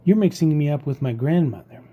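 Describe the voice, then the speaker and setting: A man's voice: a little high, lively intonation, brisk, phone-quality sound. A man voicing a fussy, polite young male squirrel in a storybook reading, chattering eagerly and scolding.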